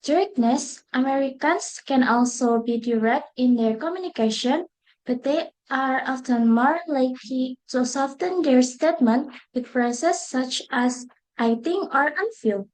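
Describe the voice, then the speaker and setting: Young woman, student presenter, high voice, halting careful reading, class talk. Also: darkish tone, low-quality recording.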